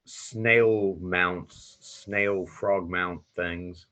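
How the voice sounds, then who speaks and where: Deep-voiced, curious male player. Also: fairly even intonation, sharp tone. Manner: curious, questioning, halting. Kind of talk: tabletop role-play questioning.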